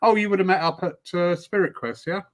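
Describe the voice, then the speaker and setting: A man's voice: sits high, a little fast. Chatty, rambling male host. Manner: chatty and rambling, with playful asides. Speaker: spiritualist service leader. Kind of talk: casual live-stream chat.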